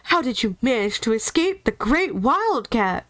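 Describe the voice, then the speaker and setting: A woman's voice: on the high side, very animated, unhurried, a bit bright, no room sound. A woman voicing a chorus of small, eager field mice in a storybook reading. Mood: eager, anxious.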